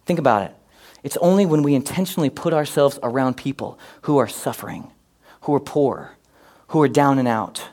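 A man preaching a sermon, mixing scripture with comic personal stories and getting loud and animated at times. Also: on the high side. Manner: animated, comic asides, rising to near-shouts. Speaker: pastor.

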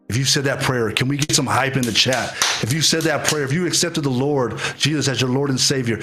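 A man preaching an online sermon, halting and repeating his words, earnest and heartfelt, calling viewers to prayer. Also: medium pitch, pushed and bright, breathy edge, soft background music. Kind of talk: online sermon with altar call.

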